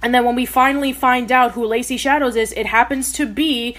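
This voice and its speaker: Female podcast co-host, slightly high voice, long easygoing plot recaps. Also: steady tone, fairly quick, fairly bright tone. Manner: recaps plots at length with fillers. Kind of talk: casual podcast chat.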